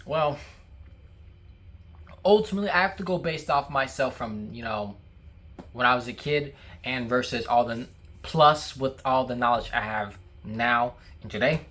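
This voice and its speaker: A man's voice: medium pitch, moderate pace, long pauses, sharp tone. A young man vlogging casually to camera, talking while he eats, rambling with many fillers and restarts.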